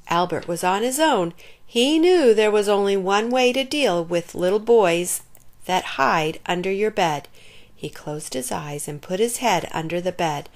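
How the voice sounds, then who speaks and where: A woman reading a children's picture book aloud in an expressive storytelling manner. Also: on the low side, a little slow. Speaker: storybook reader.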